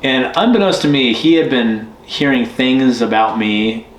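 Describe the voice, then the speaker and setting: A bush pilot swaps stories in a relaxed chat, voicing the quotes with lively energy. His medium-pitched voice moves a little slowly, and the roomy, echoing recording carries a faint hiss or hum.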